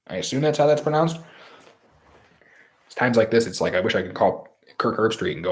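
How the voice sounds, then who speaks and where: A man's voice: on the low side, expressive, a little fast, pauses often. A man giving solo football draft commentary in an opinionated, rambling and emphatic way. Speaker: sports commentator.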